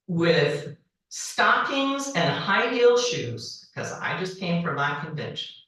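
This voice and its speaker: Telling funny stories at a banquet, this woman in her forties is animated, putting on high-pitched voices for the people she quotes. Her voice comes from a distance in the echoey banquet hall.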